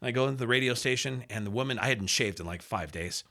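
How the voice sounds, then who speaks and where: A man in his fifties with a middle-pitched, practiced broadcast voice tells a story from his early radio days. He talks with lots of energy and slips into quick impressions of the people in the story. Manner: lively storyteller, acts out other people's lines in quotes. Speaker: radio host and sports announcer, podcast guest. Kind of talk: animated storytelling anecdote.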